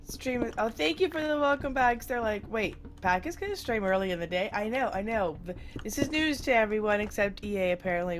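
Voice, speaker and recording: A woman co-hosting a casual game livestream, a little hoarse from a cold, laughing often and thanking subscribers. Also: mid-range voice, animated, fairly quick, few pauses. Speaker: streamer co-host.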